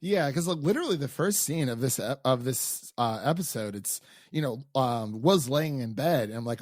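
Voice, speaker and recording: A man's voice: mid-range voice, animated, moderate pace, hardly any pauses, darkish tone, no echo, clean studio sound. A man co-hosting a casual TV recap podcast, enthusiastic, acting out his own reactions as he talks. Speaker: podcast co-host.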